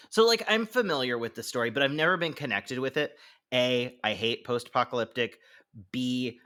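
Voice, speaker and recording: A man co-hosting a podcast, chatting casually about TV and games and often laughing. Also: medium pitch. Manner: animated, laughs often, quotes himself in funny voices. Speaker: podcast co-host. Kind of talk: casual chat.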